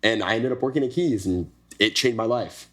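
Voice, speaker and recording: A young man hosting a podcast, telling a personal story in a casual, animated way and acting out the dialogue with frequent swearing. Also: fairly low pitch, brisk. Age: young adult. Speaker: podcast host. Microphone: podcast studio microphone.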